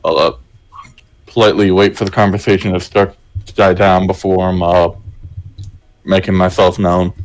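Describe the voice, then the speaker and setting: A man's voice: low-pitched, level tone, moderate pace, long pauses, poor audio. A man playing a tabletop game, talking hesitantly about his character's moves. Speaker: player.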